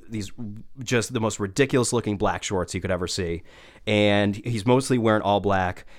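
A man telling a long comic story from his radio days in casual podcast chat, rambling with asides and swearing. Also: lowish voice.

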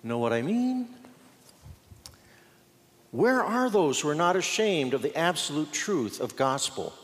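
A man preaching a sermon, mixing folksy humor with slow, weighty pauses. His voice sits at an ordinary middle pitch. The sound carries the long reverb of a church sanctuary. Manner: folksy, dramatic pauses, playful asides. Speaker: pastor.

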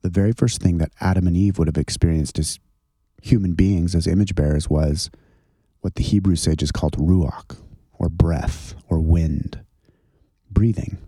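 A man leading a slow, gentle guided contemplative prayer and breathing exercise. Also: low-pitched, fairly even intonation, breathy edge, no echo, studio quality. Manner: slow, gentle, soothing guidance.

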